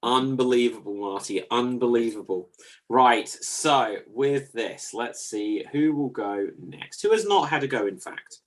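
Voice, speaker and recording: A man hosting an improv show, announcing in a measured way and drawing out his cues. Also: mid-range voice, animated. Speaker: host.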